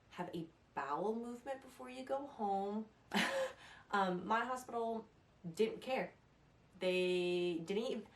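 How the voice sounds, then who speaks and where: Young woman vlogging, chatty and rambly, kinda distant on the mic, roomy echo. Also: medium pitch. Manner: chatty, rambling, laughs at herself. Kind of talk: casual advice vlog. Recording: echoey room, a little distant.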